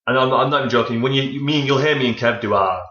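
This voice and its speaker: A man's voice: mid-range voice, racing, fairly bright tone. Dude in his 20s, rambly, swears loads, echoey room, kinda muffled. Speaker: podcast co-host. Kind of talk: casual chat. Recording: dull, roomy home recording.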